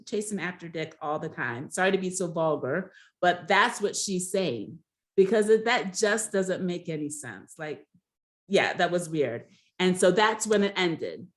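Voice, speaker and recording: A woman casually recapping a reality show episode, rambling with many fillers and giving blunt, gossipy opinions. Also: lowish voice.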